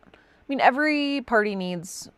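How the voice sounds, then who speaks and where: A young woman co-hosting a casual book chat, chatty and animated. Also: a little high, moderate pace, no room sound. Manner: chatty, animated, fond of quoting characters. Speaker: podcast co-host.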